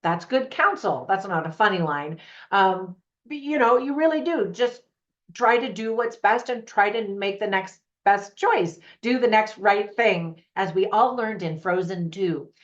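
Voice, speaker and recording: A woman's voice: medium pitch, expressive, measured pace. A woman hosting her own movie review channel, chatting to camera with opinionated, laughing asides. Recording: slightly dull lo-fi audio.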